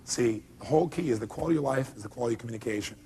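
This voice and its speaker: A man's voice: mid-range voice, very fast, dark tone, a little hiss or hum. A man giving a live motivational seminar speech, talking emphatically and firing rhetorical questions at the audience. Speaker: motivational speaker.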